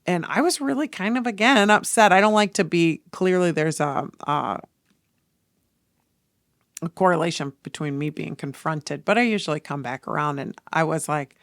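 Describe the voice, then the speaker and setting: A woman's voice: low-pitched, expressive, normal speed, no room sound, studio quality. A woman in her forties hosting a podcast, talking in an earnest, confessional way straight to her listeners. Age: 40s. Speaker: podcast host. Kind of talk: casual podcast monologue.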